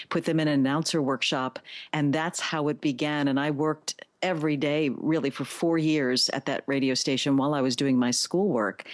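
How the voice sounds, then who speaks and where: A middle-aged woman from the Bronx, a radio host answering interview questions in a smooth, soothing, upbeat broadcaster manner. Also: low-pitched, no room sound, clean studio sound. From New York (the Bronx).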